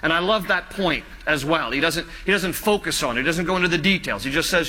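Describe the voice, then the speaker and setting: A male pastor preaching a sermon earnestly, often letting his voice sink low and soft at the ends of phrases. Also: expressive, brisk, hardly any pauses, in a large hall.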